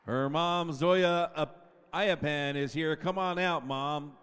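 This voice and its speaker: A man in his fifties announces a school senior night through a gym PA, drawing out the players' names and adding chatty remarks in between. His voice is on the high side, slow, clean, and fairly bright, and the gymnasium gives it an echo.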